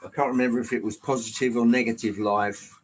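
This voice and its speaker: A middle-aged man chats casually with livestream viewers while he runs and explains the model trains in his indoor hobby room layout. He's chatty and exclamatory, reads the chat aloud, and talks quickly in a steady, mid-range voice. The audio is poor, with a slight hiss or hum.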